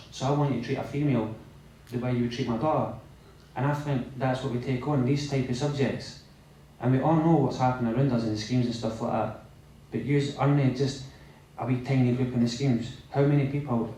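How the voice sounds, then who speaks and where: A man's voice: mid-range voice, mellow, a little hiss or hum. A Scottish man, a youth worker and filmmaker, speaking earnestly and directly to young people at a film premiere. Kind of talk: speech to an audience at a film premiere. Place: large hall at a college event. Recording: echoey hall from far off.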